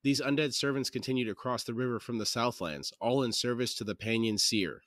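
A man voicing a shrewd male merchant master in a fantasy audiobook reading, deliberate and diplomatic. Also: medium pitch, fairly bright tone, no echo, studio quality, natural voice. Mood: measured.

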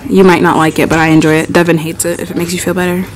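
A woman's voice: lowish voice, little pitch movement, very fast. A young woman chatting casually in a travel vlog, scattered and sleep deprived, losing her train of thought. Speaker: travel vlogger. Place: indoors, room in Dublin. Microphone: handheld camera. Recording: noisy camera audio.

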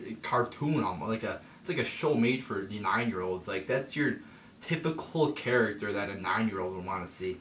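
Recorded in an echoey room, somewhat distant from the mic with faint background noise, a young man rants casually as a vlogger. His lowish voice has a fairly bright tone, and he swears a lot, rambles with fillers and restarts, and grows heated, his voice leaping up whenever he mocks.

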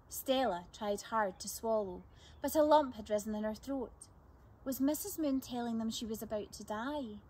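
A woman reading a children's chapter book aloud as storyteller, in a calm, clear way. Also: on the high side, moderate pace, poor audio.

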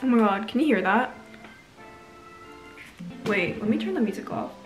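Chatty teen girl vlogger, slightly high voice. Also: animated, moderate pace, faint music behind. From Toronto, Canada. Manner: chatty, upbeat, lots of "like" and "literally". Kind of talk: casual vlog talk. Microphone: compact camera held by the vlogger.

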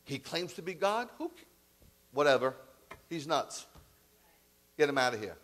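A man's voice: fairly low pitch, sing-song, quick pace. A man voicing a scornful Roman governor, brash and flippant, in a sermon retelling.

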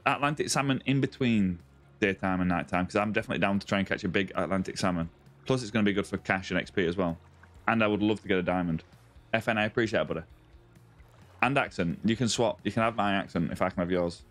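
A man's voice: sits low, quick pace, fairly bright tone, soft background music. A young man on a live game stream, chatting casually and greeting viewers by name as mate and buddy.

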